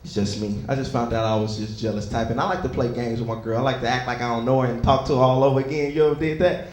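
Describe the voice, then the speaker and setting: A man's voice: mid-range voice, steady tone, fast talker. A young man doing a stand-up comedy set, loose and conversational, chatting with the crowd between stories. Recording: echoey comedy club.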